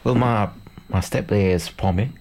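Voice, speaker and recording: A man's voice: on the low side, moderate pace, a little mellow. A man, co-hosting a radio show in casual, playful banter. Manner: laid-back and playful. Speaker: radio co-host.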